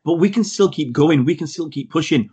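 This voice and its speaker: A man's voice: a little high, expressive, fairly quick, dark tone, husky. A man co-hosting a podcast, talking about football in an emphatic, opinionated way. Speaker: podcast co-host. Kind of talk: casual football chat.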